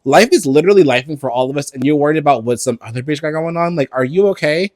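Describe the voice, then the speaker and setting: A man's voice: fairly high pitch, fast talker, dry recording. A man, co-hosting a podcast in a casual, profane, campy rant. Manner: animated, profane, campy, switches into mocking voices. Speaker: podcast co-host.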